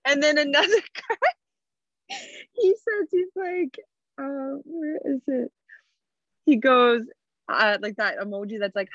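A woman's voice: sits high, expressive, slow, long pauses, fairly bright tone, no room sound, muffled recording. A woman co-hosting a podcast, telling stories in a giggly, casual chat. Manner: giggly storyteller. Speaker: podcast co-host.

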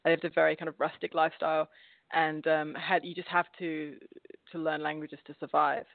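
A woman from England with an English accent tinged by an Australian twang, an expressive guest in a casual interview who laughs often. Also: deep voice, fairly quick, dry recording. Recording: tinny phone line.

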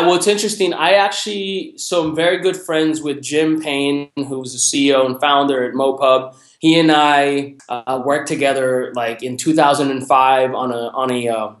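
A man sharing stories from his sales career in an animated, conversational way, acting out customers as he goes. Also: mid-range voice, normal speed, few pauses. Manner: animated, acts out quoted customers in raised voice. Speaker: guest sharing sales experience. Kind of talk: conversational storytelling. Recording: roomy echo.

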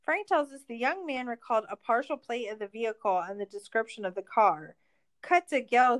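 A woman's voice: medium pitch, clean tone. A woman podcast host in a casual recap chat, ranting in exasperation and swearing a lot.

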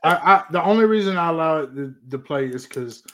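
A man's voice: a little high, animated, brisk. A man co-hosting a podcast, bantering and laughing easily in casual chat. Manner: giggly, joking banter. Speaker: podcast co-host.

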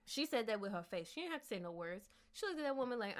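A woman co-hosting a podcast in casual chat about a film, animated and profane, acting out lines from the scenes. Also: on the high side, fast. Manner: animated, profane, acts out quotes in big voices. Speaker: podcast co-host.

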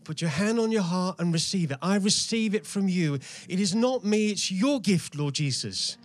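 A man's voice: high-pitched, lively intonation, moderate pace, no room sound. A man preaching and leading prayer in an earnest, urging manner, his emphasis rising and falling. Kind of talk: sermon with prayer.

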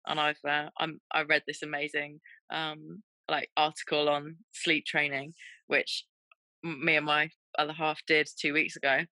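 A woman's voice: deep voice, level tone, normal speed, bright, forceful tone, dry recording, low-quality recording. A woman in her thirties, a fitness presenter guesting on a podcast, telling stories candidly with frequent laughter. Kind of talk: casual chat.

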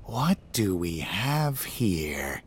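A man voicing a sinister shapeshifting male demon who speaks slowly, softly and mockingly in a horror story. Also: low voice, very animated, breathy edge, heavily acted. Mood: taunting. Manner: slow, soft, taunting.

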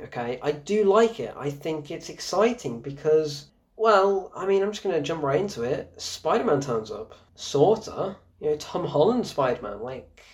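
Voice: mid-range voice, a little mellow. A film reviewer ranting casually and sarcastically about a movie, exasperated, laughing at it, rambling through restarts. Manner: rambling with frequent restarts and fillers.

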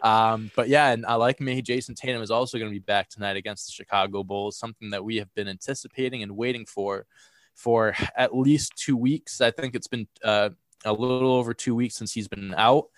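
Fairly low and steady, this young male sports podcast host talks fairly quickly in a clean, echo-free studio recording. A cold leaves him a little stuffed up, yet he stays energetic, filling his speech with restarts and filler words.

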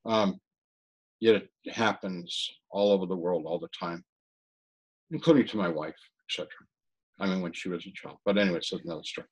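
A man giving an earnest personal testimony in an interview, talking haltingly with frequent restarts. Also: sits low, breathy edge, low-quality recording. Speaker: interview guest.

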